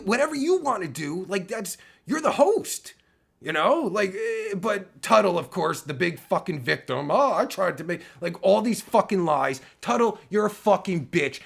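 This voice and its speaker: A heated man on a livestream rant, swearing constantly and circling back on himself with fillers. His voice sits high and swings widely in pitch, with a gravelly, husky edge throughout. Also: a bit bright. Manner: profane, heated, ranting with many fillers. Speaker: streamer and podcaster.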